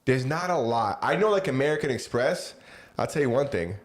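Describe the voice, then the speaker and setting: A man's voice: medium pitch, animated, brisk. Laid-back podcast co-host, man. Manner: laid-back, chimes in with short agreements. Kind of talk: casual chat.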